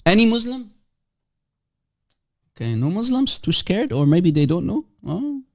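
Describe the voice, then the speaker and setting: Male stream host, taunting and playful, fairly high voice that swings widely. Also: big pitch swings, measured pace, darkish tone. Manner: mocking and provocative, repeats and teases. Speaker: livestream host. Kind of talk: casual livestream chat taking guests.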